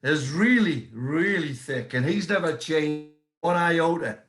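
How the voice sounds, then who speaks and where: A middle-aged man with an English accent worn down by years in the States. He talks easily and repeats words for emphasis, his voice pitched a little high. A roomy echo hangs around everything he says. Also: expressive, unhurried. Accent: English, softened by years in the United States. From England. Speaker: guest musician and promoter. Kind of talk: casual podcast chat.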